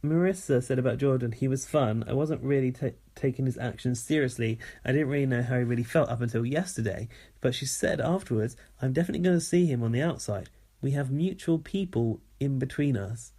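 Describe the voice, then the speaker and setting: A man co-hosting a podcast, trading gossip and giggling often. His voice has a husky, slightly rough edge. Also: medium pitch, brisk, few pauses, mellow. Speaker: podcast co-host. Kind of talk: casual chat.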